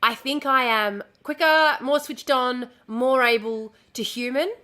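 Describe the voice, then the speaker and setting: A woman live-streaming from home, a chatty streamer with a bright, forward voice pitched a little high. She wanders between thoughts, drops casual swears and restarts her sentences as she goes. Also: measured pace.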